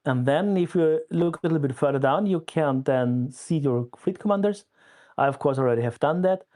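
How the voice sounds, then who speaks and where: A man guest giving a casual, step-by-step walkthrough in a steady way of talking. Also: a little high, moderate pace. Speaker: guest explaining a tool.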